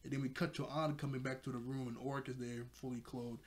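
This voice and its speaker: A man's voice: medium pitch, little pitch movement, fast talker. Laughing, chatty man recapping a cartoon. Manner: chatty, laughs often, loose with many "like" fillers. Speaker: show reviewer. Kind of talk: casual episode recap.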